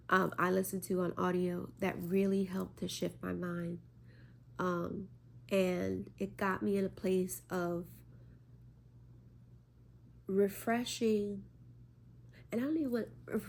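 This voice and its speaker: A woman vlogger talks slowly and earnestly about her spiritual path, her voice low and edged with gravelly fry. She halts often, restarting her sentences and filling pauses as she gathers her thoughts. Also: a little mellow. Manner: slow, halting, with many fillers and restarts. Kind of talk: casual talk to camera.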